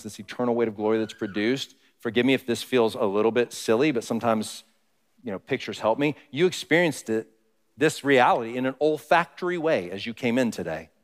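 A man with a lowish voice preaches a sermon in a church sanctuary. He's conversational and asks the congregation questions, and the church hall gives the recording a long reverb.

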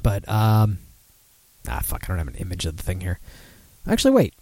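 Swearing, rambling podcast host. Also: male voice, low voice, huge pitch swings, brisk, a little mellow, no room sound. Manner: rambling, profane, self-mocking, laughs often. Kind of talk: casual live-stream chat.

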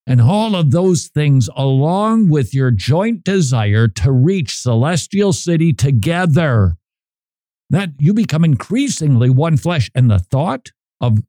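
Casting: male radio host, dark mellow voice, dry close studio sound, emphatic and repetitive. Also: mid-range voice, no echo. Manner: emphatic, repeats phrases, restarts mid-sentence. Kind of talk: talk radio monologue.

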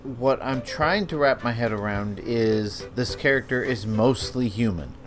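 A man's voice: medium pitch, unhurried, faint music behind. A man guessing in a casual podcast game, stumbling over his words as he thinks aloud. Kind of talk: casual gaming podcast chat.

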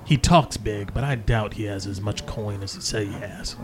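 A man voicing a tough, blunt half-orc woman who speaks in a guarded, low-key way. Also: moderate pace, background noise, lightly acted.

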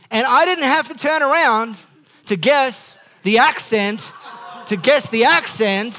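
With an extremely high, bright and forceful voice, an Australian pastor preaches slowly, wandering through comic anecdotes. He often breaks off into humorous asides and starts his sentences over.

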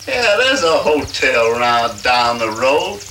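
An actor playing a laconic older country storekeeper with a Southern Appalachian drawl. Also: male voice, mid-range voice, sing-song, pushed and bright, slight background noise, full character voice. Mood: dry. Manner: slow, dry drawl. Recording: distant echoey 1960s film sound.

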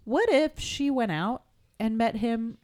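A woman's voice: fairly high pitch, slow pace, darkish tone. A woman co-hosting a casual movie chat, sarcastic and playful, often acting out the characters. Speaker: podcast co-host.

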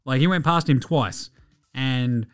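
A man's voice: mid-range voice, a little slow, clear, resonant tone, faint music behind. A man with an Australian accent hosting a sports podcast, ranting and mocking in a profane, casual way. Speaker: podcast host.

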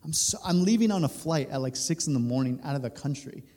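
A man in his thirties, a pastor, telling a personal story during a sermon, animated and laughing through it. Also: a little high, quick pace. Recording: reverberant hall.

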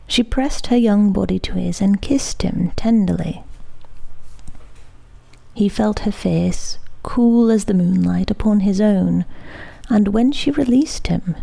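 Female storybook reader, soft hushed narration, dark mellow tone. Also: medium pitch, gravelly. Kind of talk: storybook reading aloud.

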